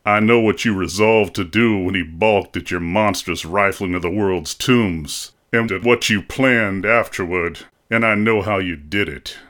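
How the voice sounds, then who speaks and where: Guy reading a grave slow-spoken old doctor, accusing and calm, lowish voice. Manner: slow, solemn and measured, accusing. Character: grave, implacable older male doctor. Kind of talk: audiobook character reading.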